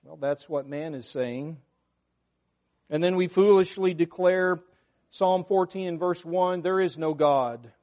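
A man's voice: fairly high pitch, unhurried, darkish tone. A man preaching a sermon to his congregation, earnest and emphatic, rising in force when he quotes scripture. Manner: unscripted, talks to the congregation.

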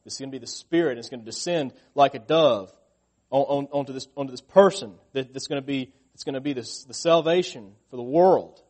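A middle-aged man delivers a sermon at a fairly quick pace, posing questions to his listeners. When he stresses a point, his voice grows louder and climbs higher.

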